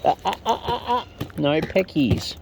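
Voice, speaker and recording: A woman's voice: lowish voice, lively intonation, a little slow, gravelly. A woman chatting playfully to wild birds in a coaxing, babyish tone while feeding them outdoors, recorded on a hand-held phone. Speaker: bird-feeding vlogger. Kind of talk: casual talk to wild birds. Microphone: phone held close. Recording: outdoor phone recording, loud bird noise.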